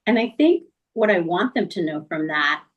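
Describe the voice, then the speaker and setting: A woman's voice: fairly low pitch, animated, moderate pace, dull audio. A middle-aged woman author speaking as an interview guest, earnest and thoughtful in her reflections.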